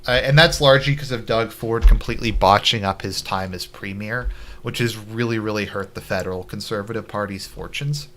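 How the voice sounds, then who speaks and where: A man's voice: lowish voice, fairly quick, fairly bright tone, slight background noise. A man from Canada giving blunt, casual live commentary as a streamer, with offhand and profane asides.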